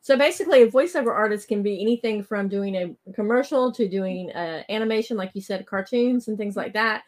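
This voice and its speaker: A woman hosts a podcast, putting eager, brisk questions to her guest. Her voice sits at an everyday middle pitch. She talks in a casual, conversational way. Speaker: podcast host. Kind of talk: interviewing a guest.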